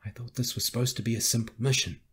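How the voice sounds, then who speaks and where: A man's voice: medium pitch, steady tone, fast talker, a bit bright, slightly rough. A man voicing a determined young woman rebel soldier who argues with her superiors, earnest and pleading, in an audiobook. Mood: insistent.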